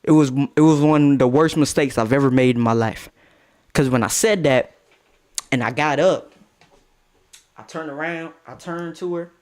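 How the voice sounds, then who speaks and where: Young man, casual storytime, slangy, lively, slightly high voice. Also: moderate pace, pauses often. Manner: animated, laughing, slangy.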